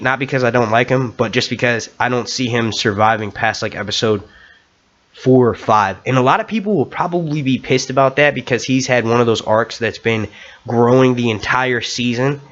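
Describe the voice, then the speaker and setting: A man's voice: mid-range voice, fairly bright tone, dull audio. A man hosting a live stream in a casual, rambling way, swearing and restarting his sentences often.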